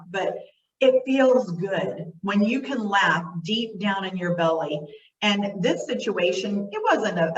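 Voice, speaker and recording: A woman's voice: medium pitch, a bit bright. A middle-aged woman presenting a self-care workshop in a folksy, encouraging way, speaking straight to her listeners. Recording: echoey, distant, dull sound.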